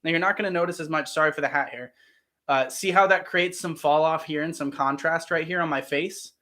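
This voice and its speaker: A man's voice: fairly high pitch, fairly quick, bright, forceful tone. Casual man explaining a lighting setup. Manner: casual, explanatory, demonstrating with gestures. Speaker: host. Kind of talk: live stream Q&A, demonstrating lighting. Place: home room with bookshelf and blank wall.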